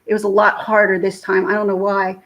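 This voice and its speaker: A woman's voice: mid-range voice, completely flat delivery, brisk, fairly bright tone. A woman in her thirties, tearful and emotional, chatting casually with viewers on a live stream. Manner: tearful, emotional, thanking chat by name. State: teary from crying. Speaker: livestream host.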